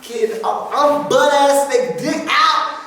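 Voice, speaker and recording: A young man hosting a podcast, telling a story in an animated, profane way, packed with slang and fillers. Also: extremely high pitch, slow pace, slight background noise. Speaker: podcast host. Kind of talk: casual comedic storytelling. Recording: echoey room, mic far off.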